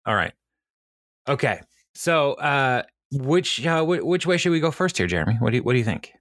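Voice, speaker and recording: A man's voice: mid-range voice, animated, moderate pace, fairly bright tone, no echo, studio quality. A man co-hosting a podcast, recapping a TV episode in casual, meandering chat and chuckling often. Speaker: podcast co-host.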